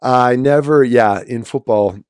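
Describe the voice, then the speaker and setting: A man's voice: medium pitch, a little slow, darkish tone, smooth, no echo, studio quality. A man in his forties, a former football player guesting on a podcast, chatting casually with wry, self-deprecating jokes. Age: 40s. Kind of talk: casual chat.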